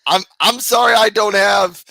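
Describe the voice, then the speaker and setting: A man's voice: high-pitched, steady tone, normal speed, creaky, pushed and bright, no echo, low-quality recording. A man from the US Midwest, co-hosting a live shopping stream with casual, giggly banter and frequent laughs. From South Dakota, US Midwest. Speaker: co-host.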